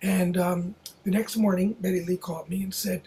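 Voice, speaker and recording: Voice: medium pitch, fairly even intonation, normal speed, mellow, slight background noise, rough recording. An older theater producer telling a long backstage anecdote, chatty, full of fillers and restarts, and acting out what others said. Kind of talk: anecdotal storytelling.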